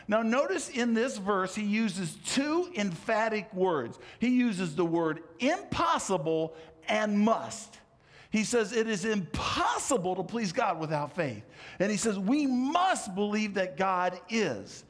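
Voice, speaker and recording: A middle-aged male pastor delivering a sermon, swinging from loud emphatic calls to soft, low asides. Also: very animated, slow.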